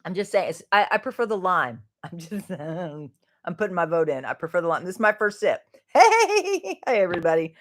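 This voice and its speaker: A woman's voice: lowish voice, quick pace, fairly bright tone. Middle-aged woman, livestream host, casual rambling chat, frequent laughs, unfinished sentences. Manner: chatty, rambling, laughs often, trails off mid-sentence.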